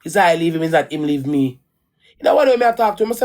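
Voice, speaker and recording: This vlogger, a woman from the Caribbean with a Jamaican accent, speaks fast and animated in a low, slightly mellow voice. She tells a personal story as a rambling, repetitive rant, restarting often and swearing bluntly.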